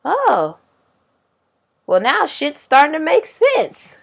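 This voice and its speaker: A man's voice: sits high, very animated, moderate pace, creaky, voice pushed up, exaggerated voice. A young man voicing a blunt, joking older male coworker who sounds incredulous.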